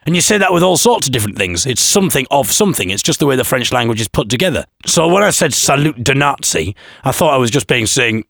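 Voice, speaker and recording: Male podcast host, gravelly voice, lively swooping pitch, dry close mic. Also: fast talker, few pauses, dry recording. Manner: jokey, self-mocking, bouncing pitch. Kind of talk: casual podcast chat.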